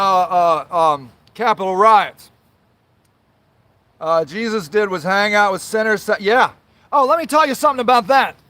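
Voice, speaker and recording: Male host, high pitched, angry, foul-mouthed livestream rant, apologetic in between. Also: a bit bright. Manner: angry, profane, swears constantly; apologizes then rants on, trailing filler sounds. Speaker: show host.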